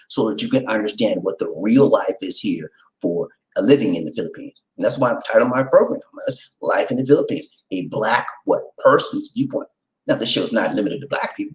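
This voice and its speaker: A man talks casually to his viewers, joking and lecturing in turn. His pitch jumps around a lot and the room around him rings with echo. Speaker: vlogger. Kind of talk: casual vlog commentary.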